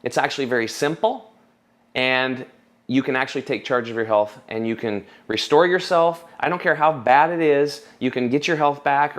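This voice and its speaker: Passionate storytelling man. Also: mid-range voice. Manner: passionate, restarts often, quotes people in raised voice. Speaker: supplement formulator, guest. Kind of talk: emotional storytelling in an interview.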